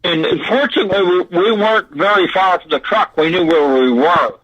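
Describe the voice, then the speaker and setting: Older male guest on a muffled phone line, slightly high voice, halting, repeats himself. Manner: halting, repeats words, drawling. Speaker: guest recounting an encounter. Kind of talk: casual storytelling.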